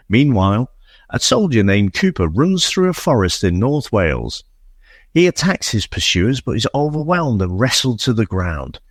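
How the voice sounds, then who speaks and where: A man's voice: mid-range voice, dry recording. A man co-hosting a film podcast, reading comic scripted bits and recapping in a dry, wry way. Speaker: podcast co-host. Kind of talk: casual chat and read comic trailer script.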